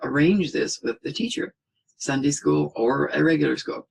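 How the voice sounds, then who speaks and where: A middle-aged man giving a spoken parenting lesson in a calm, reassuring way, often checking in with "okay?" and acting out what a parent would say. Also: fairly high pitch, normal speed, gravelly, husky, low-quality recording. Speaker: parenting teacher.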